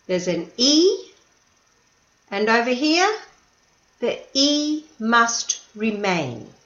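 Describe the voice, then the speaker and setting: A woman teaching an English lesson, speaking slowly and clearly and patiently stressing syllables. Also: fairly high pitch, very animated, a bit bright, roomy sound, muffled recording.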